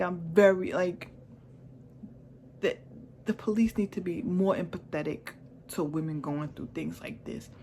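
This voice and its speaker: A woman's voice: mid-range voice, darkish tone, slight background noise. Emotional woman telling a personal story. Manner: emotional, repeats herself, drops into a near whisper. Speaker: vlogger.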